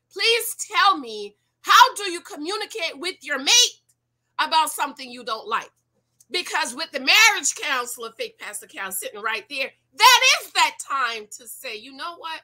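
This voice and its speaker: A woman in her forties talks straight to her viewers, firing rhetorical questions and preaching her opinions. Her voice is bright and sits a little high. She sounds casual and animated throughout. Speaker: YouTube commentator. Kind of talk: casual reaction commentary.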